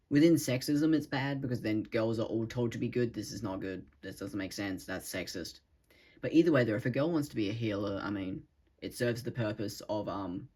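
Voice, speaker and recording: A man's voice: mid-range voice, a little mellow, husky. A man, talking in a rambling, casual monologue for his vlog, swearing freely. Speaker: vlogger.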